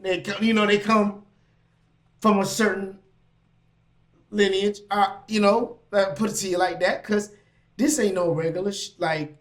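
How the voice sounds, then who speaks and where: Animated slangy man reacting on stream. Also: sits high, unhurried, long pauses. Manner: animated, laughing, slangy asides. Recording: mic.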